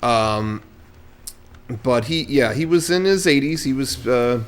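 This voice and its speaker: A man's voice: medium pitch, expressive. A man with an ordinary mid-range voice co-hosting a loose podcast. He rambles and jokes, stumbling through fillers as he goes. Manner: halting, filler-heavy, joking. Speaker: podcast co-host. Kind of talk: raw casual podcast banter.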